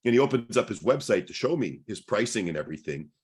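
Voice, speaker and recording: A man's voice: fairly low pitch, lively intonation, fast talker, a little mellow, breathy edge. A young adult man co-hosting a podcast, telling a long anecdote in a casual way and acting out what people said. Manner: long anecdote full of acted-out quoted dialogue. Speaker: podcast co-host. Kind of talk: casual storytelling.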